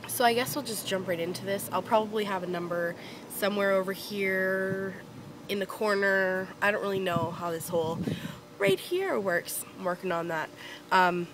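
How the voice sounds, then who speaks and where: A young woman from Northern Ontario talks casually to her camera outdoors. She rambles through little stories with plenty of fillers and giggles, at an ordinary middle pitch. A faint noise sits under the outdoor recording. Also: little pitch movement, moderate pace. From Northern Ontario, Canada. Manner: chatty, filler-heavy, giggly storytelling. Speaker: beauty vlogger.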